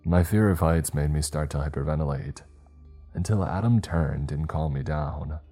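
A man reads a horror story in a slow, grave, measured way. His voice is extremely deep and dark, with faint music playing beneath. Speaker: narrator. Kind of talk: scripted horror story narration.

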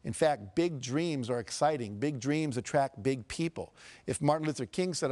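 A man's voice: mid-range voice, fairly quick, a little mellow. A man from the United States giving a live motivational seminar talk, telling stories, acting out quotes and questioning the audience directly. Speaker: motivational speaker.

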